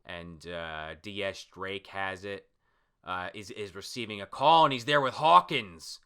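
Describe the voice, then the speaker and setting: A man's voice: sits low, unhurried, pushed and bright, clear, resonant tone. A man casually reading through a comic chapter and commenting, loose and chatty, swearing freely and voicing the lines with emphasis. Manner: reads character lines aloud with emphasis. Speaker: comic reaction video host.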